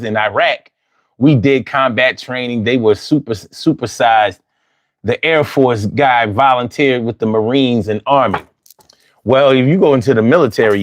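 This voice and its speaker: A man's voice: mid-range voice, no room sound, clean studio sound. A man hosting a call-in talk show, talking with lots of repetition and street slang. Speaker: host.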